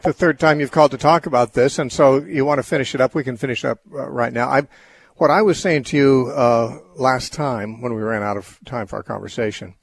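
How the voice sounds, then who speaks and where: A man hosting a call-in radio show, patiently explaining Bible passages to callers in a measured way. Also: mid-range voice, breathy edge.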